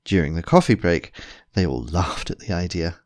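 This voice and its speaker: A man reading a humorous story aloud in a measured, even storytelling manner. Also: deep voice. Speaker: narrator. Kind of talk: scripted narration.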